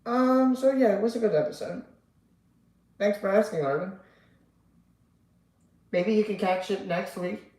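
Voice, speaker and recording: A man's voice: high-pitched, a little slow, long pauses, a little mellow, echoey room, poor audio. A sleepy man hosting a casual live stream, reading chat aloud and rambling with lots of fillers and casual swearing. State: sleepy, yawning. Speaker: livestream host reading chat.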